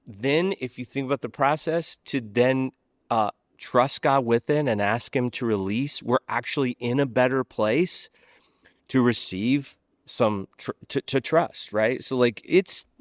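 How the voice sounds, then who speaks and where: A man's voice: mid-range voice, dry recording, clean studio sound. A man speaking as a guest pastor, explaining ideas earnestly in a conversational way and often restarting mid-thought.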